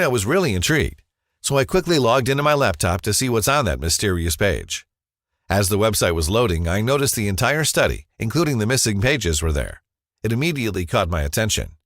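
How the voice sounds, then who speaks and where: A low-voiced man narrates a scripted first-person ad story, dramatic and confessional. His pitch swings expressively up and down at a fairly quick pace, with a fairly bright tone in a close, dry recording with no room sound.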